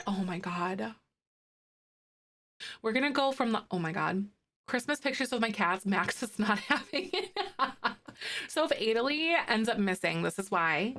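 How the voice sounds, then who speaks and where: A young woman, chatting casually on a live stream and reading viewer comments, gushing and cooing over pet photos. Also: a little high. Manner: gushing, excitable, coos over pets.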